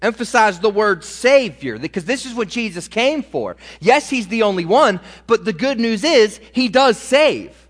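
Emphatic high-voiced male preacher. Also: big pitch swings. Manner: emphatic, slows and stretches key words. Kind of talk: sermon. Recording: reverberant hall.

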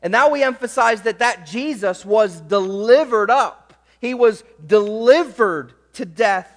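A man's voice: high voice, lively intonation, unhurried, in a large hall. A man preaching a sermon, emphatic, drawing out key words and checking in with the congregation. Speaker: pastor.

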